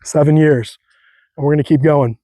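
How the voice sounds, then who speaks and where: Young man, higher voice, earnest casual faith talk, slangy, dry close sound. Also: fairly even intonation, normal speed, mellow, no room sound. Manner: earnest, fired-up, slangy, repeats phrases. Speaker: host.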